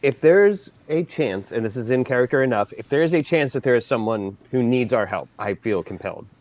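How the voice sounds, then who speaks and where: A man's voice: medium pitch, expressive, brisk, a little mellow, no room sound, muffled recording. A man playing a tabletop game, making his case in an emphatic, swearing way. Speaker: player. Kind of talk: casual chat while playing.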